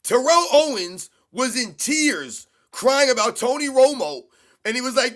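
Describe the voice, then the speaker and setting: A man co-hosting a live basketball reaction stream, talking fast and emphatically, repeating his points. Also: extremely high pitch, animated, a bit bright. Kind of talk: excited live game commentary.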